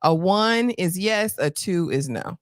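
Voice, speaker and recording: A woman hosting a casual, slangy recap chat, telling the story with animated asides. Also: fairly low pitch, slow pace, no echo, clean studio sound. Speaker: host.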